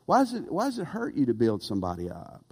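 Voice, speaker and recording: A man preaching a sermon, animated and rhetorical, asking the congregation for amens. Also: medium pitch, fast, husky. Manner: animated, rhetorical, calls for amen. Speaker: pastor. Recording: long reverb of a church hall.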